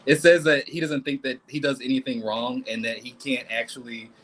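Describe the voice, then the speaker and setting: A man's voice: medium pitch, brisk, faint music behind, poor audio. A man doing a casual live tarot reading, talking bluntly and swearing often. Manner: blunt, animated, swears and laughs a lot. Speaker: tarot reader.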